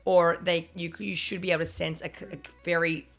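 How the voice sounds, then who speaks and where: A woman's voice: lowish voice, flat delivery, fairly quick, creaky, a bit bright, faint music behind. A woman co-hosting a live stream, talking casually and rambling through a point with restarts and swearing.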